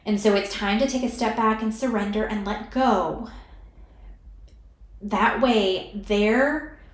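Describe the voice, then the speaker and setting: A woman giving a pick-a-card tarot reading in a soft, soothing way, emotional and close to tears as she talks straight to the viewer. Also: medium pitch, slow pace, echoey room.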